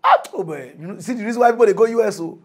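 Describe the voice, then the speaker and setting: A young man speaking Nigerian Pidgin, ranting as a mock news commentator, excitable and laughing, with big swings in loudness. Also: high voice, rapid-fire, slightly rough. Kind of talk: comic rant.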